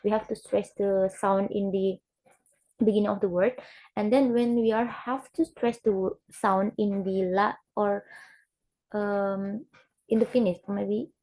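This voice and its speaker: Young woman, gravelly, mellow, halting student presentation. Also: medium pitch, poor audio. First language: Indonesian. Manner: halting, repeats example words aloud. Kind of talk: recorded class presentation.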